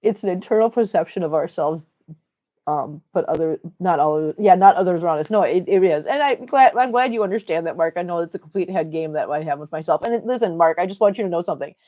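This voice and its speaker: A middle-aged woman hosts a casual livestream, joking around and reading viewer comments aloud. Her voice is lowish and dark-toned, she talks fast, and the audio is dull.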